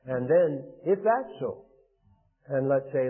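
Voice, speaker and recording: A man's voice: medium pitch, expressive, slow pace. A man preaching a sermon, earnest and exhorting, with frequent fillers and repeated phrases. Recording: phone-like radio broadcast.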